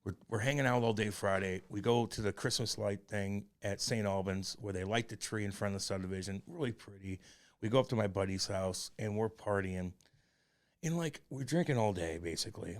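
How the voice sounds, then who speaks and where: A man's voice: on the low side, a little fast. Profane, rambling man on a podcast. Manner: profane, rambling, gets loud and heated. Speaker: podcast co-host. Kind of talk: candid casual chat.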